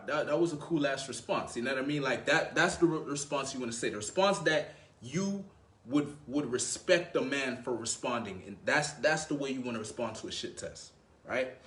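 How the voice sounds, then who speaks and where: Guy giving dating advice casually, thinking out loud, roomy echoey sound. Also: mid-range voice, moderate pace. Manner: thinks out loud, conversational, checks in with listener. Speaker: dating coach. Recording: roomy echo.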